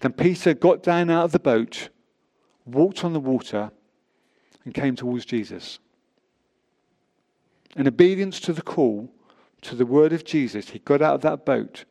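A man's voice: mid-range voice, expressive, a little slow, vocal fry, long pauses, mellow. A man preaching a sermon, reading scripture aloud with emphatic rises and drops.

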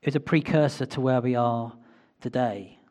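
A man preaching a sermon in a church, reflective and often pausing with small fillers. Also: medium pitch, steady tone, darkish tone.

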